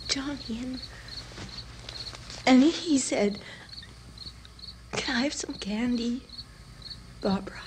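A woman's voice: sits high, noisy background. Dazed, terrified young woman. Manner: halting, dazed recollection rising to sobbing screams.

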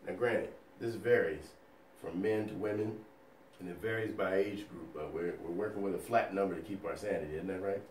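A male nursing educator teaching a recorded lecture over slides, energetic and folksy, firing rhetorical questions at the listener. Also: deep voice, fairly quick, echoey room, recorded from a distance, a little hiss or hum. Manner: folksy and playful.

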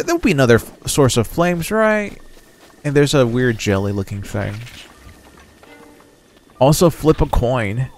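Young male streamer, mid-range voice, excitable and slangy gameplay chatter. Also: medium pitch. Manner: chatty, excitable, slangy, reads game text aloud. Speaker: gaming streamer. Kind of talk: casual gameplay commentary.

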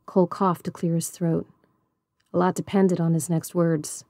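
A woman reading a novel aloud in a measured, even storybook narration. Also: lowish voice, vocal fry, no echo, studio quality. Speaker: audiobook reader.

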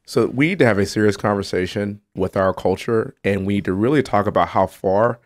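A man's voice: fairly low pitch, a little fast. A man, a congressman, speaking emphatically on a political talk show and building to indignant peaks. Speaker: congressman guest.

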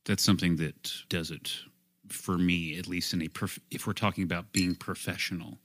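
A man on a podcast chatting casually, agreeing with the others and then making his points in a measured, careful way. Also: sits low, fairly even intonation, fairly bright tone, slight background noise. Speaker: podcast guest or co-host. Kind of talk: casual chat.

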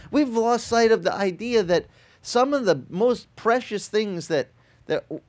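A man's voice: high-pitched, lively intonation, unhurried, darkish tone. A middle-aged man preaching as a pastor, telling stories casually with frequent restarts and swelling into emphatic encouragement. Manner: conversational storytelling, many restarts, rising to emphatic exhortation. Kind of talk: sermon. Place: outdoor beach service.

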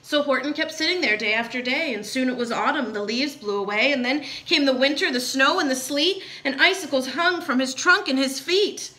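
Casting: bright, high-voiced teacher reading aloud to kids, very lively. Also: female voice, normal speed, few pauses. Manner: animated, expressive. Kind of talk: read-aloud storytelling.

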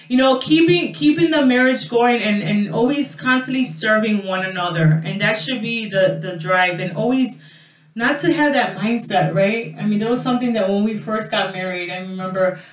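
A woman's voice: medium pitch, moderate pace. Earnest woman pastor, roomy and distant. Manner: earnest, sprinkles 'you know' and 'praise God'. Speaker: pastor and radio host. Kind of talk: casual preaching talk. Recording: roomy sound, away from the mic.

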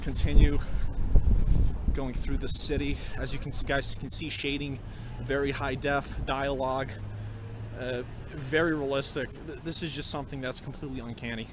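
A man giving a rambling, deadpan mock game-demo presentation, full of fillers, recorded on a phone on a city street. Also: mid-range voice, normal speed. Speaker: streamer. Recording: loud street noise outdoors.

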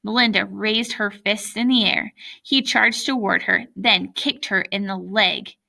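A woman reading a children's book aloud, with lively, chatty asides to young listeners. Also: mid-range voice, unhurried, creaky. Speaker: reader.

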